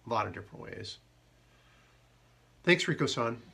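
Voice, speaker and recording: A man hosting a live haiku show, chatting casually and joking, and reading poems slowly. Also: mid-range voice, sing-song, creaky, pushed and bright, slightly rough. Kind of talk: casual live-stream chat.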